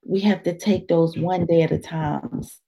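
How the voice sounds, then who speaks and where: Woman life coach, interview guest; low, gravelly, dark timbre; animated, preacher-like delivery. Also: measured pace. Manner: animated, preacherly, acts out inner dialogue. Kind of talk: conversational interview.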